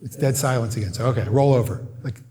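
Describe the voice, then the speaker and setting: A man performing stand-up comedy, telling animated stories and acting out voices and squawks. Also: mid-range voice, fast talker. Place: live comedy venue with audience. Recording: live stage recording, audience noise.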